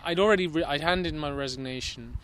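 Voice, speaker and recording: A man's voice: a little high, fast, fairly bright tone, a little hiss or hum, poor audio. A man co-hosting a comedy podcast, telling rambling anecdotes full of crude jokes in casual chat. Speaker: podcast co-host.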